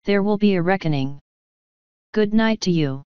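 A woman's voice: mid-range voice, animated, moderate pace, clean tone, no echo, dull audio, natural voice. A woman reading the part of a stern, shrewd old shepherdess who speaks in terse old rustic phrasing.

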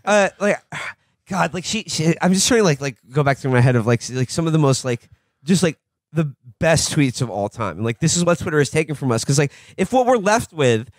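A man's voice: fairly high pitch, lively intonation, brisk, dry recording, clean studio sound. A man co-hosting a comedy podcast, rambling through jokes with many fillers and restarts. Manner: rambling, lots of fillers and restarts, mocking quoted voices. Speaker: podcast co-host. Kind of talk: loose comedic chat.

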